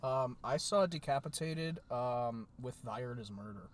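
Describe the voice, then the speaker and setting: A man's voice: mid-range voice, animated, unhurried. A man co-hosting a casual podcast chat, rambling with lots of fillers and swearing. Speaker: podcast co-host. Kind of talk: casual chat among friends.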